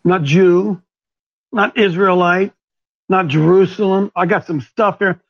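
A man's voice: high voice, fairly even intonation, unhurried, muffled recording. A man hosting and preaching to a small live group, fiery and emphatic, repeating key words for force. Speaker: show host and preacher.

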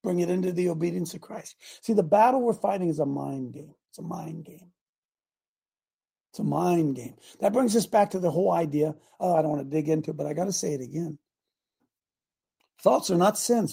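A man with a high, gravelly voice preaches on his radio show, emphatic and rambling, often breaking off into asides. His tone is dark and husky rather than bright. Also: fairly quick.

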